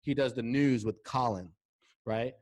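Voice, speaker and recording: A male host spinning stories in an easygoing interview. His voice sits at an ordinary middle pitch. He keeps checking in with a quick "right?" as he goes. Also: darkish tone. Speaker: talk show host. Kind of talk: casual storytelling interview chat.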